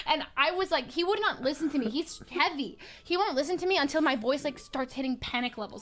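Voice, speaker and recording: A young woman streamer telling a story in casual chat, animated, laughing often and acting out quotes. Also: high-pitched, fairly quick.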